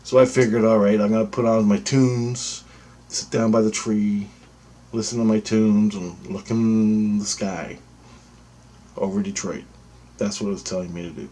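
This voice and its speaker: Low-leaning and mellow, the vlogger's voice stays steady at a moderate pace. He shares a personal story casually, though it rambles and repeats, and he swears a lot.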